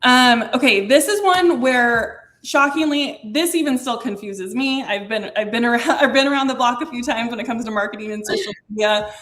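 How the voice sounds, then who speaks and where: A woman's voice: fairly high pitch, moderate pace, hardly any pauses, fairly bright tone. A woman moderating a webinar panel from the hotel side, conversational and asking open questions over a video call.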